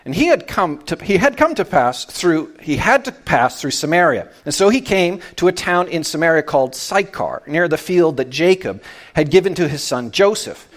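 A man's voice: animated, normal speed. A man from Canada, a pastor giving a conversational sermon, often restarting his phrases as he explains. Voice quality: deep voice.

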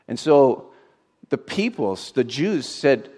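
A man preaching a sermon in an expressive way, moving from loud emphasis to a hushed, tender tone. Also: mid-range voice, normal speed.

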